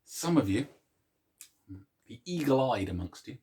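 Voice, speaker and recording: A man's voice: medium pitch, very animated, slow, dark tone, slightly rough. A man hosting a casual music show, chatting to viewers in a rambling, self-mocking way, with plenty of restarts. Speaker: host of a music series.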